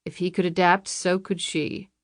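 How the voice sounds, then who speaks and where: A woman reading a suspense novel audiobook in a measured, dramatic narration. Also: on the low side, flat delivery, no room sound, clean studio sound. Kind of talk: scripted thriller narration.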